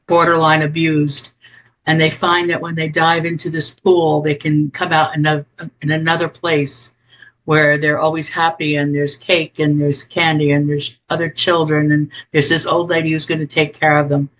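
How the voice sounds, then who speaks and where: A man on a convention panel, describing things in a measured, even way. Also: fairly high pitch, low-quality recording.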